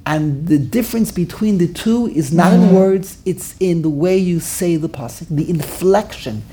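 A man teaching a Talmud class, animated and exclamatory, full of rhetorical questions. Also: high voice, a little slow.

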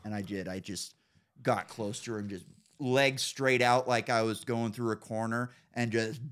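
A man hosting a podcast, telling stories in a casual, animated and profane way. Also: medium pitch, normal speed, smooth. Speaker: podcast host. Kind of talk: casual storytelling chat.

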